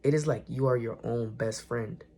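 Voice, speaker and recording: A man's voice: medium pitch, moderate pace, dark tone, slightly rough. A young man vlogging casual spiritual encouragement, earnest and slangy, often repeating and correcting himself. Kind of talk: casual motivational talk to camera.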